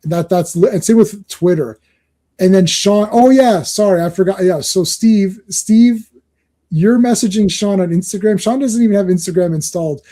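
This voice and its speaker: A man's voice: sits high, moderate pace, mellow. A middle-aged man from Canada hosting a live stream, chatting casually and rambling with many restarts. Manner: rambling, self-interrupting, chuckling. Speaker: stream host.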